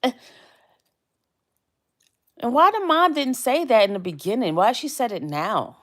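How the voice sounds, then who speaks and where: A woman's voice: on the high side, very animated, measured pace. Chatty woman musing on a live stream. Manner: chatty, repeats phrases, trails off musingly. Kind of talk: casual live-stream commentary.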